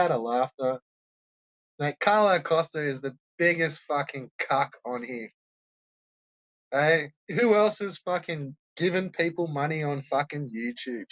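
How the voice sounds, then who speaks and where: Swearing nonstop, the host of a troll-reaction stream rants and ridicules his viewers in profane commentary. His pitch is fairly high and his tone fairly bright. The recording sounds muffled.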